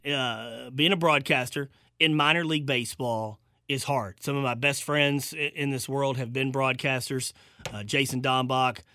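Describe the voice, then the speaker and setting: Bright, chatty sports radio host man. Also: medium pitch, dry recording, clean studio sound. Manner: chatty, self-deprecating, restarts a lot. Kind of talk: casual radio sports talk.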